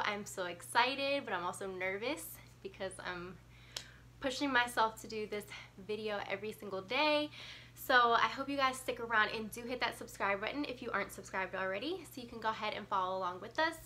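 A woman's voice: fairly high pitch, normal speed, sharp tone. A young woman vlogging as a mom, a bit congested from a cold and short of breath, chatting casually with lots of ums and likes. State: congested, getting over a cold. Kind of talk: casual chat to camera.

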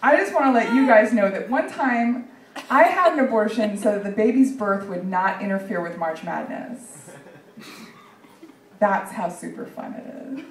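A young woman from Texas doing a sarcastic, deadpan stand-up set at a comedy club, with plenty of ums and likes. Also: mid-range voice, moderate pace, slight background noise. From Dallas, Texas. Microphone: handheld stage mic. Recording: echoey room from far off.

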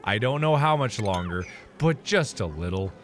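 A man hosting a let's play video, talking through the game as he plays. He is excitable and swings from loud squeals to muttered asides. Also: fairly low pitch, normal speed, faint music behind. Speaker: gaming channel host.

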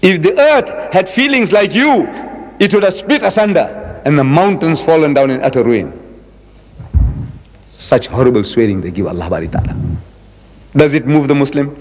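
A man in his seventies giving a religious lecture, emphatic and repeating his key words, drawing out quotations slowly. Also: fairly high pitch, lively intonation, big-room sound, low-quality recording. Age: 70s. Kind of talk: public lecture.

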